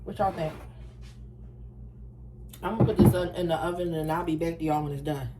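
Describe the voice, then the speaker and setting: A woman's voice: low voice, a little fast, very noisy. A middle-aged woman with a Philadelphia accent, chatting to her viewers as she bakes in her home kitchen. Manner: talks to viewers as "y'all", animated and self-deprecating. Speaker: home cook filming herself. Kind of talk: casual chatty baking vlog.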